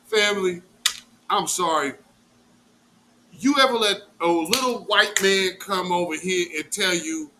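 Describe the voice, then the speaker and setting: Middle-aged male host; bright, forceful delivery, rowdy profane storyteller. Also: high-pitched, a little slow, a little hiss or hum. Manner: animated, profane, acts out quotes. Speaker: live show host. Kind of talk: casual storytelling rant.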